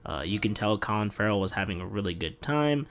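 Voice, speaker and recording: A man's voice: fairly low pitch, expressive, brisk, fairly bright tone. A man giving a casual, chatty film review full of slang, with faint music playing behind him. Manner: slangy, laid-back and chatty.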